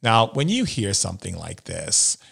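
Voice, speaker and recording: A man's voice: lowish voice, wildly swooping pitch, moderate pace, creaky, fairly bright tone, husky. A man from the United States, a spiritual healer as interview guest, telling stories and acting out the voices he quotes. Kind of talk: storytelling in a conversation.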